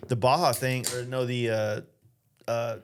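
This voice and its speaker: A man's voice: medium pitch, flat delivery, measured pace, background noise. Laid-back man, swears casually. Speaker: podcast co-host. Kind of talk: casual chat.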